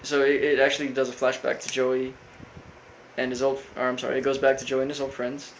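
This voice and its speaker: A man casually recapping a cartoon episode, rambling with lots of fillers and flat quoted lines. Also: mid-range voice, brisk, a little hiss or hum, low-quality recording. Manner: rambling, full of fillers, quotes characters flatly. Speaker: recap host.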